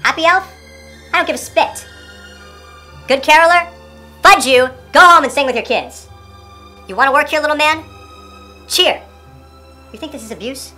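A woman's voice: high-pitched, lively intonation, moderate pace, long pauses, pushed and bright, soft background music. A woman playing a brash, abusive male sales boss from the North Pole in an amateur comedy parody, swaggering and berating.

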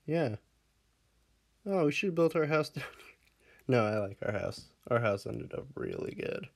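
A man's voice: medium pitch, lively intonation, moderate pace, vocal fry. A man casually commenting on his game as he plays, laughing often and scolding his pet dog in the game before fussing over him. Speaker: Minecraft let's player.

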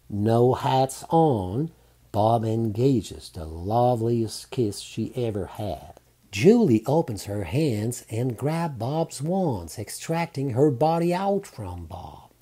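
A man narrating a romantic audiobook in a calm, unhurried reading. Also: medium pitch, slightly rough.

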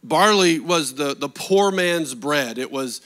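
A man preaching a sermon in an animated way, firing off rhetorical questions to the congregation. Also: fairly high pitch, takes it slowly. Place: church service.

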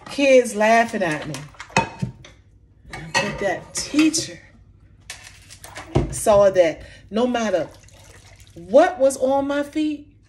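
A middle-aged woman talks straight to her viewers, upset and impassioned. Her voice sits a little high and goes soft and low when she recalls old hurts. A faint background noise runs under the recording. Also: lively intonation, very slow, pauses often. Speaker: vlogger. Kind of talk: emotional commentary vlog.

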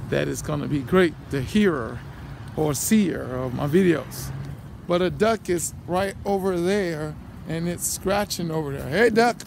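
A man's voice: on the high side, gravelly, slight background noise. A man preaching casually while walking by a pond, rambling and repeating phrases, recorded on a handheld phone. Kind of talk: outdoor walking vlog sermon. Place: outdoors by a pond.

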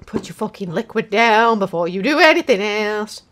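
A woman gamer at home giving frustrated commentary on a game, swearing and shouting often. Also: mid-range voice, animated, normal speed. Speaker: let's play gamer.

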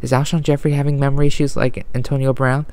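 A man delivering an unedited, exasperated sports rant with frequent sighs, deliberately holding his volume down. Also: medium pitch, flat delivery, dark tone, clear, resonant tone. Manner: exasperated, sighing, ranting. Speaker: sports fan vlogger.

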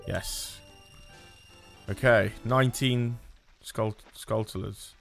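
A man's voice: fairly low pitch, slow pace, creaky, a bit bright, faint music behind. A man streaming a video game, giving casual commentary as he plays, muttering to himself and swearing at the game.

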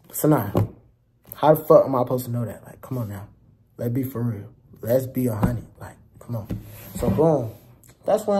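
A man's voice: mid-range voice, mellow, slight background noise. A young man ranting through a story for his viewers, heated and slangy, with heavy profanity and frequent asides to the audience. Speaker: vlogger telling a story. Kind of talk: casual storytime rant.

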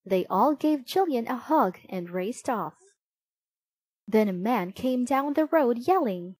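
A woman reading a children's picture book aloud, slow and expressive with a lively, rising and falling pitch. Her voice sits fairly high, recorded close and dry. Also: slightly rough, no echo. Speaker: storybook reader.

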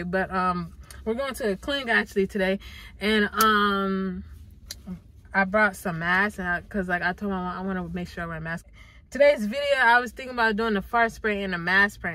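A young woman vlogs in a loose, slangy, playful way with plenty of swearing. Her voice is bright and forward at a middling pitch. A faint hum sits behind her. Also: poor audio. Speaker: YouTuber. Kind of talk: casual vlog.

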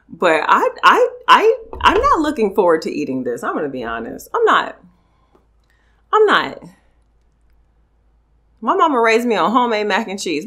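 A young woman, chatting casually and expressively as a mukbang vlogger while she eats. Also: fairly low pitch. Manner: animated, expressive, joking asides. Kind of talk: casual chat while eating.

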